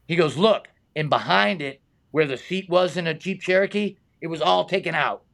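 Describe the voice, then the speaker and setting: A middle-aged man, a stunt man telling animated anecdotes in a casual interview, acting out the voices of the people in them and laughing often. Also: on the high side, moderate pace, vocal fry. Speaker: stunt man and high diver, guest.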